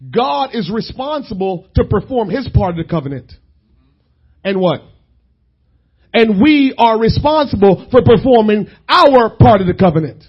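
High-pitched man preaching hard. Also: lively intonation, a little slow, slightly rough, dull audio. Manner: shouting, emphatic preaching with sudden drops to quiet asides. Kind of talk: sermon.

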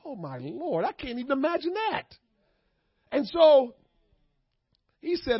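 Man, preacher, high voice, dry, dull lo-fi sermon audio. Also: sing-song, measured pace, long pauses, no echo. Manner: swings from low murmurs to shouted preaching; calls out to the congregation. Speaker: pastor.

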